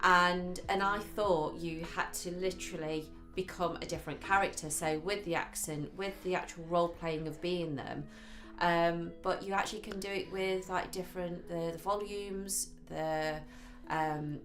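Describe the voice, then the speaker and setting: A woman's voice: on the low side, unhurried, few pauses, reverberant, faint music behind. A woman co-hosting a live show, chatting casually and poking fun at herself. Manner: self-deprecating, excitable. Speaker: co-host. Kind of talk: casual radio chat.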